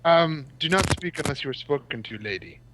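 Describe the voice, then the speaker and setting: A man's voice: a little high, animated, fairly quick, background noise, lightly acted. A man voicing an arrogant male German doctor with a German accent, pompous and dismissive.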